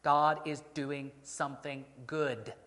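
A man preaching a sermon as pastor, earnest, slowing down to stress key phrases. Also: fairly high pitch, fairly even intonation, a bit bright, long reverb tail.

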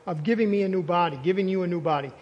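A man's voice: high voice, very fast, lo-fi sound. A male pastor preaching a sermon, emphatic, repeating phrases and quizzing the congregation. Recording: long reverb of a large hall.

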